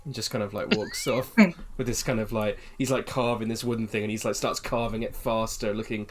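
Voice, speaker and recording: A man narrating as dungeon master in a relaxed, halting way with many pauses. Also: fairly low pitch. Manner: relaxed, halting, lots of ums. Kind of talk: narrating a tabletop game.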